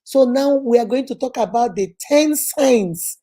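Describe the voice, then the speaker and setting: A woman's voice: fairly high pitch, animated, measured pace, mellow. A woman, a life coach giving an emphatic, repetitive motivational lesson straight to her viewers. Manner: emphatic, repetitive, preachy, direct address. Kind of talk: motivational teaching to camera.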